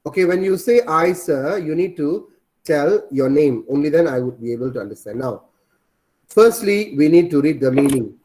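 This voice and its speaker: Male teacher, slightly high voice. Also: lively intonation, normal speed, warm tone. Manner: repeats points and quizzes students. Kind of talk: online class teaching.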